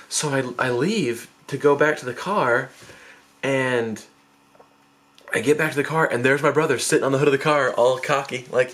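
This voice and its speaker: A young man spins a rambling storytime for his vlog, doubling back on himself and laughing at his own mistakes. His voice sits at a middling pitch and leaps into high, panicky bursts whenever he replays his past self. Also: steady tone, moderate pace, a bit bright. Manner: rambling, self-mocking, many fillers and restarts.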